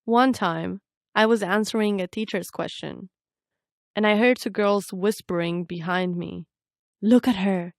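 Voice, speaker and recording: A woman's voice: mid-range voice, fairly even intonation, unhurried, creaky, no echo, clean studio sound. A young woman from Romania, a native Romanian speaker, narrating a personal documentary story in a reflective, scripted manner. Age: young adult. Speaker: narrator and reporter.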